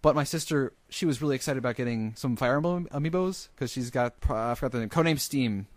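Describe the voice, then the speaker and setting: A man's voice: mid-range voice, fast talker, no room sound. A young man co-hosting a podcast, chatting casually with wry remarks and swearing. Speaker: podcast co-host. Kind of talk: casual chat.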